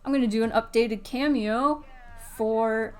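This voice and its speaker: A woman's voice: fairly high pitch, fairly even intonation, unhurried, soft background music. A woman casually chatting on a live stream while drawing, scattered and chatty, swearing freely and laughing. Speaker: streaming artist.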